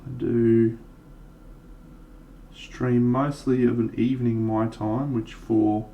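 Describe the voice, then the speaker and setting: A man's voice: medium pitch, little pitch movement, slow, lo-fi sound, slight background noise. A young Australian man chatting casually and laughing easily while painting models on a live stream.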